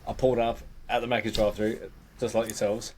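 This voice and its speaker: A man's voice: on the low side, fast talker, noisy background. An Australian man co-hosting a podcast, telling a story in casual chat, acting out lines of dialogue and swearing. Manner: animated, swears, acts out bits of dialogue. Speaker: podcast co-host.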